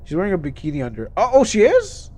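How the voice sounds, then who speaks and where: A man's voice: high-pitched, wildly swooping pitch, fast, darkish tone. A young man streaming a game, chatting casually and reading game text aloud, often stumbling and restarting words.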